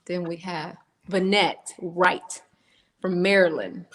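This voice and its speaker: A woman's voice: on the low side, animated, slow. A woman co-hosting a live stream, chatty and laughing as she greets viewers by name. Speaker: co-host. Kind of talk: live-stream chat, reading out viewer names.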